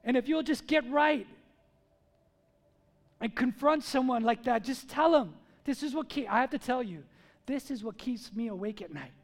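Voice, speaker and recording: A pastor preaching a sermon, swinging from loud, emphatic calls to hushed storytelling. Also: male voice, extremely high pitch, animated, moderate pace, big-room sound.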